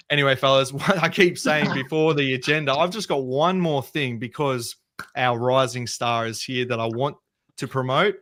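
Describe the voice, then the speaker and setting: A man's voice: medium pitch, steady tone, normal speed, a bit bright. An Australian man hosting a casual sports podcast, joking and steering the agenda. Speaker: podcast host.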